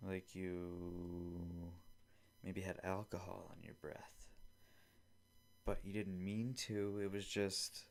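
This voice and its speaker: A young man hosts a solo podcast, rambling casually, swearing some, and acting out both sides of made-up conversations. His low voice is slow and creaky with a level tone, and he pauses often.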